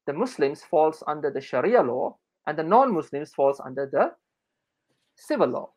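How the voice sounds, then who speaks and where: A man's voice: fairly high pitch, moderate pace. Malaysian man telling his story. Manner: animated, acts out quoted dialogue, frequent restarts. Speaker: interview guest. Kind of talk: conversational storytelling.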